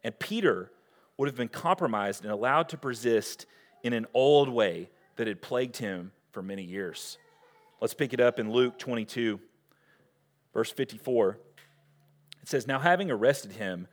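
Man, pastor, sermon, earnest, rhetorical questions, loud emphasis, hushed scripture reading. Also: medium pitch, animated, moderate pace.

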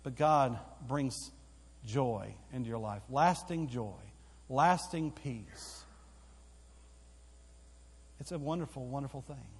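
A man's voice: medium pitch, slow, pauses often, husky. A man preaching a sermon as pastor in a church auditorium, with emphatic repetition that builds in force. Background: live congregation hall.

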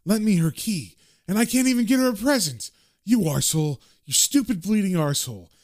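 A man reading aloud the lines of a cynical middle-aged male occult con man, muttering gruffly at himself. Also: high voice, lively intonation, fairly quick, darkish tone, no room sound, studio quality. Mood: rueful.

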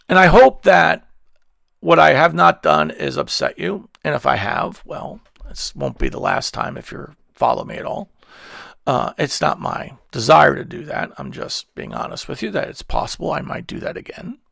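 A man's voice: a little high, very animated, moderate pace, gravelly, fairly bright tone, dry recording, studio quality. A man preaching an earnest devotional message to online listeners, then leading them in prayer. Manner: earnest, repetitive, affectionate, drops to near-whisper at times. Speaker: pastor.

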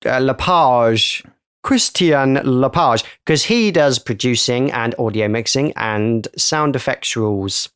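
A man co-hosting a podcast, joking along in easy chat. His pitch swings freely. The mic sound is close and dry. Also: animated, a little slow, few pauses, a bit bright, clear, resonant tone, no room sound. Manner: playful, joking. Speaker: podcast co-host.

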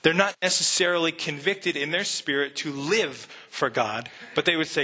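A man's voice: a little high, moderate pace, few pauses, pushed and bright, slightly rough. A man preaching a sermon to his church, earnest and conversational, often restarting his sentences. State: emotional, near tears. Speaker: pastor. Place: church sanctuary.

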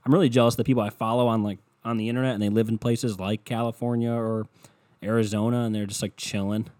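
A man's voice: lowish voice, level tone, fast talker, darkish tone, no room sound. A man hosting a solo podcast, ranting in a scatterbrained, profane way from a hot indoor room. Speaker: podcast host.

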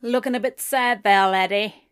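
A woman's voice: medium pitch, steady tone, moderate pace, fairly bright tone, clear, resonant tone, close to an everyday voice. Woman putting on a bluff older man.

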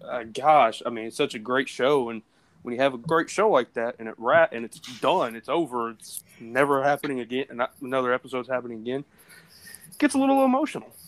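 A man's voice: medium pitch, fairly even intonation, fairly quick, fairly bright tone. Young man rambling earnestly on a podcast. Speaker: podcast co-host. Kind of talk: casual podcast chat.

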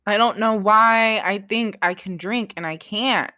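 A young woman speaks straight to the camera in a confessional vlog. Her talk is raw and self-critical, full of swearing and halting restarts, at a pitch typical for a woman. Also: sharp tone. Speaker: vlogger.

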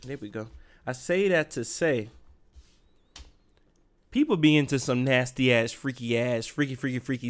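Young guy w aave going off on a solo podcast rant, cussing, slangy, animated, regular pitch. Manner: profane, animated ranting with slang. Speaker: podcast host.

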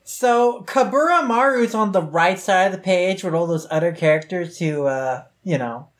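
A man's voice: high voice, moderate pace. A man chatting casually about a manga, dropping wry, short remarks.

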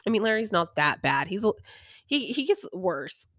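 A woman's voice: medium pitch, big pitch swings, moderate pace, fairly bright tone, dry recording, studio quality. A young woman hosting a podcast, casually recapping a TV episode in a chatty, irreverent way, swearing freely and sighing now and then. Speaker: podcast host.

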